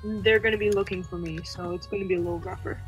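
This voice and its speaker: A woman's voice: mid-range voice, steady tone, very fast, faint music behind. A woman playing a tabletop game in casual chat, blunt and jokey, swearing freely.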